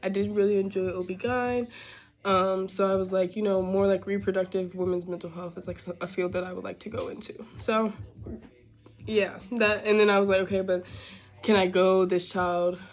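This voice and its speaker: Candid young woman vlogger, expressive. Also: mid-range voice, normal speed. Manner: candid and expressive, swears freely. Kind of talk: casual chat while getting ready.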